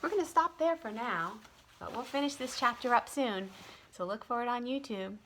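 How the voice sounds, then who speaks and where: A woman tutor reading a children's storybook aloud in an expressive way. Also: a little high, moderate pace, a little hiss or hum. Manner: expressive, animated.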